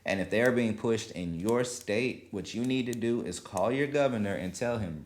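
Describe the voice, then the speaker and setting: A man hosting a solo podcast, talking in casual, animated commentary, swearing freely and acting out quotes. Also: on the low side, normal speed, few pauses. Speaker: podcast host.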